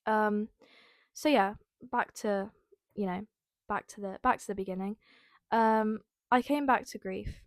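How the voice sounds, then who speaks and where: A woman's voice: medium pitch, no room sound, clean studio sound. A young woman, hosting a casual personal podcast, rambling with many fillers and near tears. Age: young adult. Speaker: podcast host.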